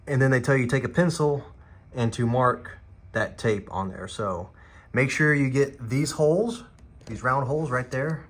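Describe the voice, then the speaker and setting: A man's voice: mid-range voice, measured pace, slightly rough. A man talking viewers through a motorcycle parts install in a loose, rambling, self-deprecating way, as a casual how-to vlogger in a garage.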